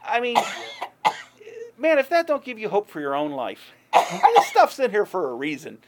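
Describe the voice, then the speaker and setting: A man's voice: high voice, huge pitch swings, a little slow, very noisy. A man preaching a sermon in an earnest, conversational way, with folksy asides. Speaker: pastor.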